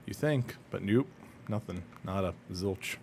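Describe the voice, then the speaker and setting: Playful low-voiced male streamer. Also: measured pace, gravelly, a little mellow, slight background noise. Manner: playful, teasing banter. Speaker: streamer playing a shooter game. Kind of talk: casual gaming chat.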